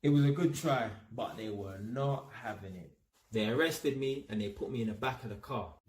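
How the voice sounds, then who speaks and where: A man's voice: medium pitch, normal speed, a little mellow, roomy sound, slight background noise. A man vlogging, telling a personal story in casual slang and acting out sound effects. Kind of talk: storytelling monologue.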